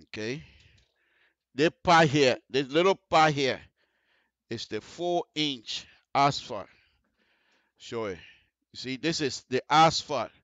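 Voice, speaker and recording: On a radio show, a man gives an on-air technical tutorial on road construction and design from the studio, walking listeners through the details. He often checks that they follow, repeating lines like "you see the difference?". His voice is fairly high and a bit bright, and the recording is dry.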